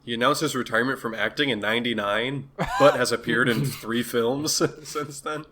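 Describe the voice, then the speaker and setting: A man's voice: mid-range voice, moderate pace, bright, forceful tone. A man co-hosting a podcast in casual chat, laughing often and reading facts aloud. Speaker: podcast co-host.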